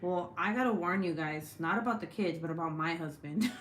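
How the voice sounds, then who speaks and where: A woman's voice: fairly low pitch, a little fast, a bit bright. A young woman hosting a casual craft livestream, reading out comments, rambling and swearing casually between laughs. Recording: echoey room with faint hiss.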